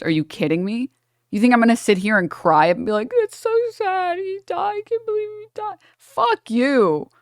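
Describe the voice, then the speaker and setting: A woman's voice: lowish voice, dry recording, studio quality. A woman streamer reacting to clips with blunt, profane, heated rants. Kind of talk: casual reaction commentary.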